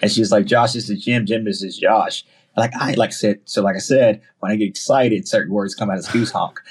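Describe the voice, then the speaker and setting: A man with a Southern US accent, a podcast guest telling stories in casual chat, animated and acting out other people's lines. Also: on the low side, slightly rough. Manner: animated, quotes himself and others in quick bursts.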